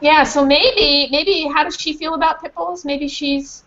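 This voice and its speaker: A woman's voice: sits high, steady tone, unhurried, a bit bright. A woman reading a storybook aloud to a class of children, acting out the characters' voices with animation. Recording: dull lo-fi call audio with faint hiss.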